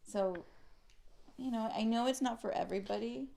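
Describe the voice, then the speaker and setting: A young woman co-hosting a laid-back podcast, her voice gravelly with fry and dark in tone. She rambles as she talks, filling her sentences with "like" and "you know.". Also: fairly high pitch, normal speed. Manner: rambling, many "like" fillers. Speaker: podcast co-host. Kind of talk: casual chat.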